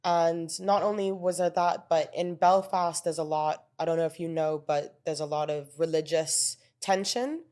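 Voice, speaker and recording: A woman's voice: deep voice, normal speed, few pauses, a little mellow. A woman being interviewed who talks casually and earnestly, explaining things at length and restarting her sentences. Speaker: interview guest. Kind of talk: casual conversational storytelling.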